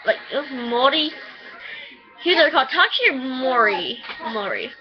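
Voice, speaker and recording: A chatty woman rambles through a casual review at home and bursts into swearing. Her voice sits a little high. The recording is dull and lo-fi. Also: lively intonation, moderate pace, soft background music. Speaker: anime reviewer.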